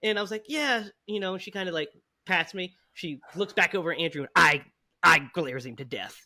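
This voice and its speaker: A man's voice: a little high, a little fast, pushed and bright. A man hosting a podcast, telling a story in casual chat with frequent laughs. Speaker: podcast host.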